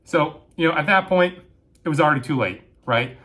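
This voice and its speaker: A young man telling a story about his time in the military, chatty and animated, tagging his sentences with quick asides. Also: a little high. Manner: animated, with frequent "right?" and "okay?" tags. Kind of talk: casual storytelling.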